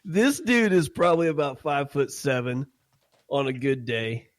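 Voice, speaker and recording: A man co-hosting a podcast, telling a crude story in a casual, animated way and laughing often. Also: medium pitch, normal speed. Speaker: podcast co-host.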